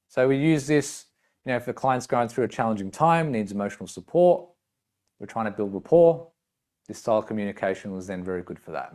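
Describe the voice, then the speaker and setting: A man's voice: mid-range voice, a little mellow. A man training coaches. He explains step by step, checks in with "right?" and "okay", and now and then acts out short voice samples. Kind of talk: teaching talk with demonstrations.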